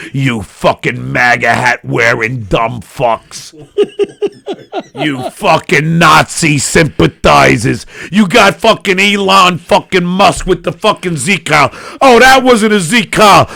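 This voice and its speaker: A middle-aged man, a comedian guest, ranting with loud, profane sarcasm that swings between shouting and mumbling. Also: sits high, gravelly, dry recording, clean studio sound. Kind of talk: profane political rant and casual chat.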